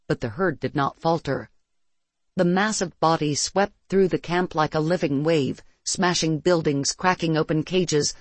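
Audiobook narrator, steady storytelling, dry booth sound, close mic, no room echo. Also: medium pitch. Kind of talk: scripted fiction narration.

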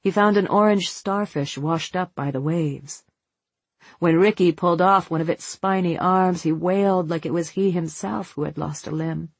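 A narrator reading a novel aloud as an audiobook in a measured, unhurried way. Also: mid-range voice, fairly even intonation, creaky, breathy edge, no echo.

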